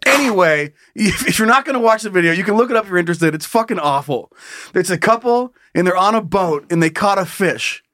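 A man's voice: high voice, expressive, fairly quick, a bit bright, no room sound, clean studio sound. A man co-hosting a podcast in crude, joking chat, loose and profane, who keeps slipping into mocking voices. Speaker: podcast co-host.

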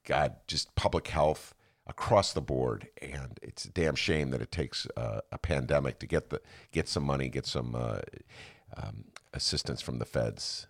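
A man's voice: a bass voice, a little slow, creaky, breathy edge. A man hosting a casual political talk show from his attic, rambling and restarting his sentences, often laughing. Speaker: podcast host. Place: home attic.

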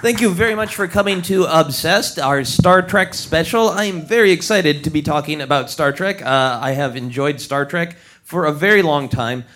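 A man's voice: a little high, normal speed, hardly any pauses, a bit bright, slight background noise. A man hosting a live podcast on a theater stage in front of an audience, upbeat and jokey. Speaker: podcast host.

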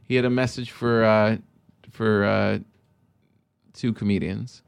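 A man's voice: fairly low pitch, little pitch movement, takes it slowly, gravelly, clear, resonant tone. A man who is a guest on a podcast, chatting casually, laughing a lot and acting out the people in his stories. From from an Italian family. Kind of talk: casual chat.

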